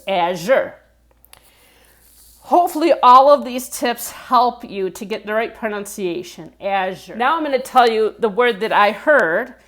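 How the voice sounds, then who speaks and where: Slow, deliberate woman coaching pronunciation. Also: mid-range voice. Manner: slow, deliberate, spells out letters and repeats words. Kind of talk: pronunciation lesson.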